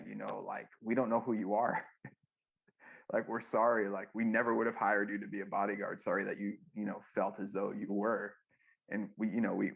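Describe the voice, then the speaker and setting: Gravelly man telling rambling stories. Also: fairly low pitch. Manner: rambling, animated anecdotes with many fillers. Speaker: guest, former music manager. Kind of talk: casual storytelling interview.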